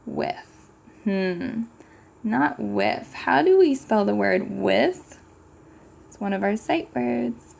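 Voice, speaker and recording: Female teacher for young kids: unhurried, patient, slightly gravelly voice. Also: on the high side, lively intonation, a little mellow. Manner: patient, thinking aloud and sounding out words. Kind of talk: slow, clear classroom lesson for young children.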